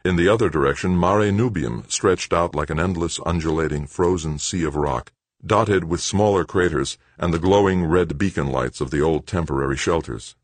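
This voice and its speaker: A man reading an audiobook in measured, expressive scripted narration. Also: deep voice, no room sound.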